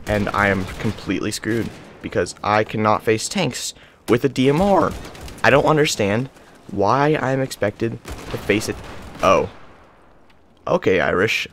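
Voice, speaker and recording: A man's voice: on the low side, slight background noise. A young man casually commenting on his gameplay, rambling and breaking into panicked yelps and whining. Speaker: gaming YouTuber.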